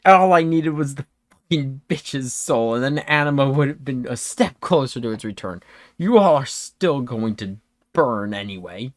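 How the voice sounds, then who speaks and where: A man voicing a sinister male cat-folk lieutenant cultist, speaking low, slow and menacing. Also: lively intonation, no echo, natural voice. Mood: spiteful.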